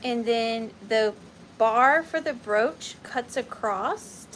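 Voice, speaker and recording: A woman's voice: on the high side, slow, a bit bright, slight background noise. A woman hosting a live vintage sale online, chatting casually and rambling happily to her viewers. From Georgia, US. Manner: chatty, rambling, giggly, talks to viewers by name. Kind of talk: casual live-stream selling chat.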